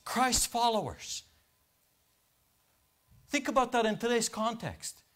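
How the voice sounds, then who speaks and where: A man's voice: extremely high pitch, very animated, takes it slowly, a bit bright. A man preaching a sermon in a church, asking the congregation questions and waiting for their answers. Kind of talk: interactive sermon.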